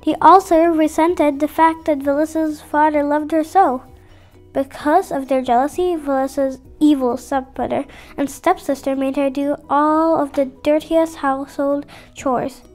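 High-voiced woman telling a bedtime story. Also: fairly even intonation, unhurried, darkish tone, soft background music.

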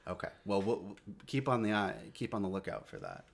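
A man's voice: fairly low pitch, wildly swooping pitch, a little fast, creaky. A young man co-hosting a casual reaction stream with his wife, joking wryly and often repeating his words as he talks.

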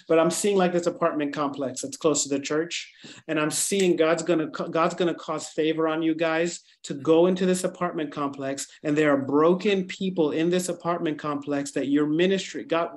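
A man giving fervent prophetic words at a church service, repeating phrases and building in intensity. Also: on the high side. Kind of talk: prophetic ministry over a congregation.

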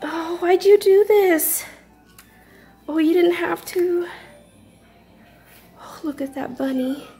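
A woman's voice: very high voice, slow, pauses often, mellow, soft background music. A woman, gushing as she unboxes crafts in a casual home vlog. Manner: effusive, gushing. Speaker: craft vlogger.

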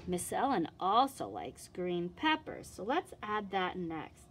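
A woman, a children's librarian, reading a picture book and singing a song to young children in an animated, sing-song manner. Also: on the low side, takes it slowly, few pauses, husky.

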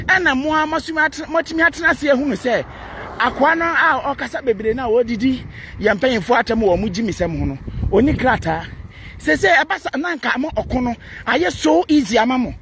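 A man's voice: very high-pitched, fairly bright tone, slight background noise. A Ghanaian man, a Twi speaker, delivering a defiant, mocking rant to camera and mixing Twi with English. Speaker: vlogger answering a critic. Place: outdoors beside a busy road.

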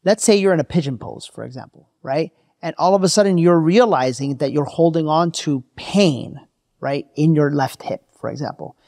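A man's voice: a little high, normal speed, darkish tone, dry recording, clean studio sound. A man hosting a podcast, talking emphatically with lots of restarts and checks for agreement. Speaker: podcast host. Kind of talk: conversational podcast interview.

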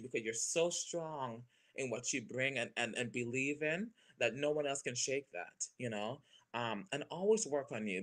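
Young Caribbean-born man, bright voice, expressive guest chat with sudden high-pitched bursts. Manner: expressive, playful, jumps into high exclamations. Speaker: guest performer. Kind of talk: animated casual talk.

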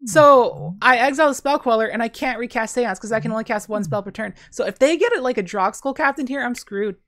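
A woman casually commenting on her own card game as she plays, thinking aloud with sudden bursts of excitement. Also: on the high side, fast. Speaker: gameplay streamer.

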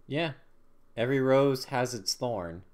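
A man's voice: mid-range voice, measured pace. A man chatting on a game stream, giving short replies and dry, teasing jokes. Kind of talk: casual live gaming chat.

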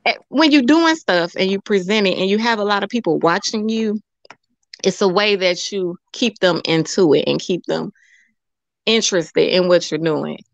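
A woman hosting a call-in talk show, chatting casually, animated and rambling, laughing often. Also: medium pitch, moderate pace, vocal fry, no echo, dull audio. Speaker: show host.

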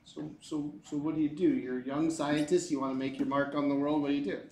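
A male teacher lecturing a class in a lively, joking way, often asking the students questions. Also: on the high side, fast. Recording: echoey classroom.

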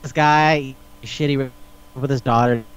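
A man's voice: mid-range voice, steady tone, unhurried, clean tone, muffled recording. A man co-hosting a podcast who chats casually, recaps stories with energy, acts out quotes and swears freely. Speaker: podcast co-host. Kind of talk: casual chat.

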